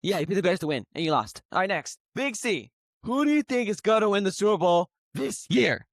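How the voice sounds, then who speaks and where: A young man with a high, quick voice argues sports picks and keeps repeating himself to cut in and tease. The sound is dry and close, with no room around it. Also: very animated, no room sound. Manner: fast, repetitive, talks over the other, teasing. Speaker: podcast co-host. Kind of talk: heated casual sports debate.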